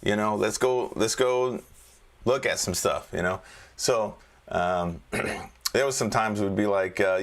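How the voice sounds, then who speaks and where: A man's voice: low voice, normal speed. A man, a trading coach, giving a casual screen-share market review, chatty and joking, often checking in with listeners. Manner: chatty and joking, keeps checking in with "all right?".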